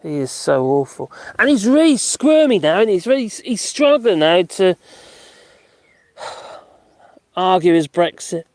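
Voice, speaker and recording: A man's voice: high-pitched, sing-song, moderate pace, few pauses, darkish tone, no room sound, studio quality. A middle-aged man, hosting a casual live stream, chatting, laughing often and making mocking asides as he reads out comments. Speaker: live-stream host reading chat. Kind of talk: casual chat.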